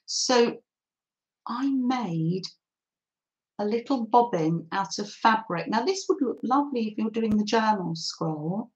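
A middle-aged woman hosting a live craft session, chatting warmly to viewers and reading their comments as she works. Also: a little high, lively intonation, slow, lo-fi sound. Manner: friendly, reads out chat comments while crafting. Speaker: craft livestream host.

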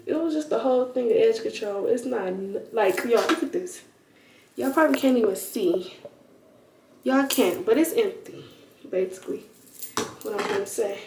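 A woman's voice: on the high side, darkish tone, slight background noise. A teenage girl vlogging casually at home, rambling to viewers and calling them y'all. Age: teens. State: out of breath at times. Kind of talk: casual vlog talk to camera. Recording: roomy, somewhat distant phone audio.

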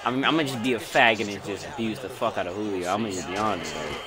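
A young man giving loud, excited commentary while playing a football video game, swearing and bursting into shouts. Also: on the low side, fast. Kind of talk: excited live gameplay commentary. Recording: loud game crowd noise behind. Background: game stadium crowd.

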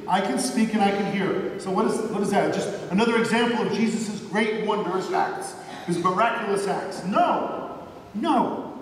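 Man, pastor, high voice, earnest sermon, long church reverb, faint room hum. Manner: earnest, slows down for emphasis. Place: church sanctuary. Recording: echoey church hall from far off.

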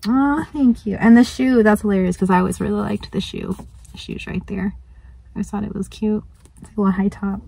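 Mellow, husky-voiced woman vlogger. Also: mid-range voice, no echo, low-quality recording. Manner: chatty and gushing, at times whispering. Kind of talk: casual chat. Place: outdoors by a lake.

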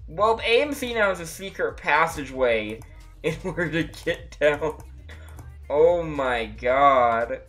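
A livestreamer chatting casually through a gameplay session, laughing at nearly every turn and spilling out exclamations. The voice sits at a middle pitch, and faint music runs quietly underneath. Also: lively intonation, moderate pace. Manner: laughs often, exclaims a lot. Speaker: livestreamer playing a block-building game. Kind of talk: casual live gameplay commentary. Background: faint music playing.

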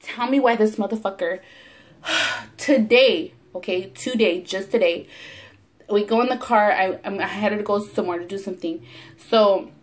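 Profane, animated Chicano English woman. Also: medium pitch, moderate pace. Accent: Los Angeles Chicano English. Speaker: mukbang vlogger. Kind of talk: casual storytelling while eating. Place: home, near a window at sunset.

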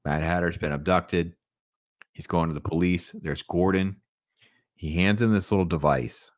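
A man with a deep, low voice hosts a casual, enthusiastic cartoon review. He talks straight to the listener and keeps checking in as he goes. The sound is dry and close, with no room around it. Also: steady tone, normal speed, no room sound. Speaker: host.

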